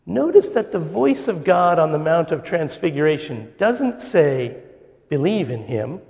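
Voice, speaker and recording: A man preaching a sermon, slow and deliberate, with pauses. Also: on the high side, sing-song, creaky, darkish tone. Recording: long reverb of a church hall.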